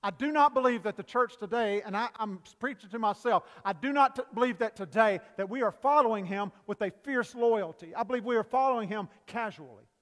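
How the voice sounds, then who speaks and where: Male preacher, high voice, booming then hushed, long church reverb. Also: a little fast, hardly any pauses. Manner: preaching with sharp swings between loud emphasis and hushed, quiet passages. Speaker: pastor. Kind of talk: sermon. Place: church sanctuary.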